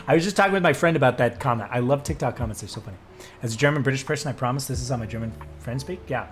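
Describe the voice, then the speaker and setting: Talking very fast in a mid-range voice over soft background music, a young streamer and voice actor chats casually with his live audience. Excitable and quick to swear, he wanders into tangents.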